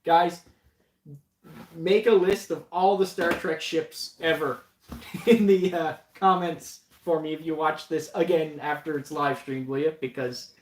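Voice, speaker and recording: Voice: medium pitch, steady tone, a little slow, darkish tone. Jokey laughing host in an echoey basement. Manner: jokey, laughs often, rambling. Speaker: livestream co-host. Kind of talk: casual unboxing chat. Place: home basement. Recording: echoey room, distant mic, faint noise.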